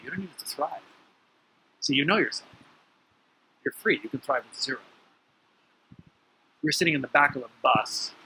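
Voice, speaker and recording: A man telling stories in a motivational talk about the mind, emphatic, with sudden lively jumps in pitch. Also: slight background noise, low-quality recording. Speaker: spiritual teacher.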